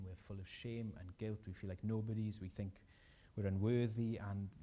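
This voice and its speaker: A man preaches a sermon with a warm, mellow tone. He speaks earnestly and lifts his voice on key lines. The church hall rings with long reverb around him. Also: on the low side, steady tone, moderate pace, hardly any pauses. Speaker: pastor.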